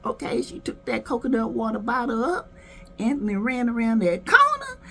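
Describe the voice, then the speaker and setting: Woman video reviewer, sassy and gossipy, bouncy high-ish voice over faint music. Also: big pitch swings, normal speed, pushed and bright. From South Carolina, US. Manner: sassy, gossipy, dramatic asides. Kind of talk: casual commentary.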